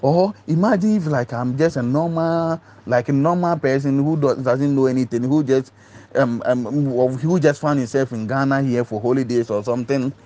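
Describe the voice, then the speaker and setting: Guy telling his story to the camera, warm low-ish tone, keeps restarting words, worked up. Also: normal speed. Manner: animated retelling with repeated words and restarts. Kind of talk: casual storytelling to viewers.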